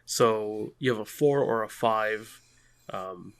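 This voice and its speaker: A man's voice: lowish voice, takes it slowly. Emphatic man chatting on a podcast. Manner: emphatic, self-ironic, stresses key words. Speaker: podcast co-host. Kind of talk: casual podcast chat.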